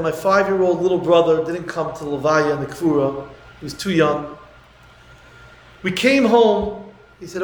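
A man telling a moving story in a talk, growing dramatic and loud at its peaks. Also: a little high, reverberant, a little hiss or hum, low-quality recording. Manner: dramatic, rising to near-shouting at emotional peaks.

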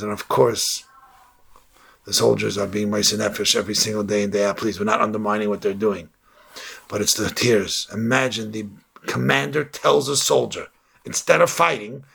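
A man's voice: fairly low pitch, vocal fry, fairly bright tone, husky. A man delivering an inspirational sermon, telling an emotional story and sprinkling in Hebrew and Yiddish terms.

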